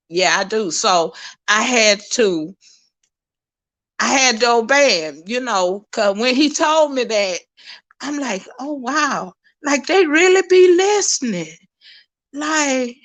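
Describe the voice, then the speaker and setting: Lady chatting to her viewers, bright higher voice, slow easy talk, folksy storyteller. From Texas, USA. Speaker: livestream host. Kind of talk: casual chat with viewers.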